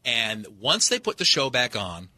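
A man telling stories in a casual radio interview, animated and full of restarts, as a comedy performer who is a guest. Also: medium pitch, no room sound. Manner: animated storyteller, halting restarts.

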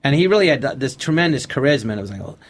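A man's voice: medium pitch, very animated, racing, slight background noise. A man being interviewed on a radio show, telling anecdotes casually and acting out the conversations he remembers. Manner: anecdotal, acts out past conversations in quotes. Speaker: guest comedian.

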